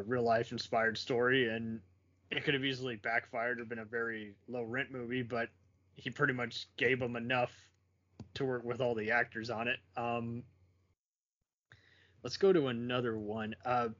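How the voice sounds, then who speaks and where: A man's voice: medium pitch, fairly bright tone. A man hosting a casual movie chat, rambling with fillers and laughing often. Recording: muffled lo-fi recording.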